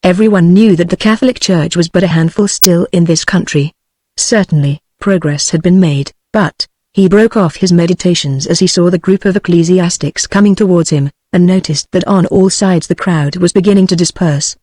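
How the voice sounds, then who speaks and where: A text-to-speech woman's voice with a British English accent, reading a novel in an even, measured way. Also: lowish voice, no echo. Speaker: audiobook narrator.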